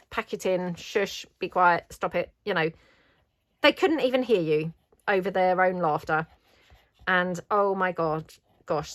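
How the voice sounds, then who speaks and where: A woman's voice: mid-range voice, a bit bright, no echo. A middle-aged British woman chatting casually while she crafts, rambling and self-deprecating. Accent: British English. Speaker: craft vlogger.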